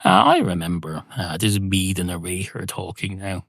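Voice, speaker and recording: A man hosting a podcast, telling a rambling comic monologue in a deadpan, self-interrupting way with plenty of swearing. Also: low-pitched, moderate pace, creaky, dry recording, studio quality. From Ireland. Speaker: podcast host and narrator.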